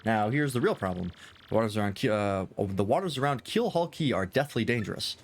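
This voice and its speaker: A man's voice: fairly low pitch, expressive, fairly quick, a little hiss or hum. Man doing a pompous rich adventurer. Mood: dramatic. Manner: grandiose, flowery and theatrical. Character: pompous wealthy male adventurer-merchant. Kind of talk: reading game dialogue aloud with voices.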